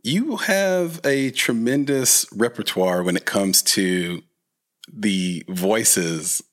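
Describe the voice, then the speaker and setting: A man's voice: fairly low pitch, lively intonation, drawn-out words, fairly bright tone. A man hosting a podcast interview, talking casually and rambling with lots of fillers and restarts. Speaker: podcast host.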